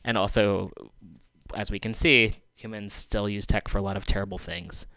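A man's voice: lowish voice, steady tone, normal speed, bright, forceful tone, clean tone, no echo, clean studio sound. Sarcastic, exasperated male radio host. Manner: exasperated, sarcastic, swears when angry. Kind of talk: solo talk radio commentary. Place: radio studio. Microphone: handheld microphone taken off the stand.

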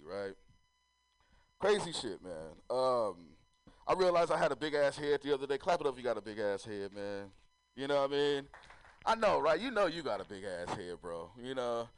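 A man's voice: medium pitch, big pitch swings, normal speed, dry recording, low-quality recording. A man doing a loose, profane stand-up comedy set, often laughing at his own jokes.

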